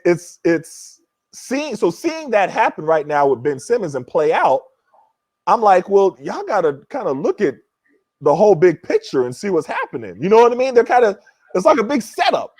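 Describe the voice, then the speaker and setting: Animated high-voiced man telling a story. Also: normal speed, no echo. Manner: lively, acts out quotes with shifting pitch. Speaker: guest, former NBA player.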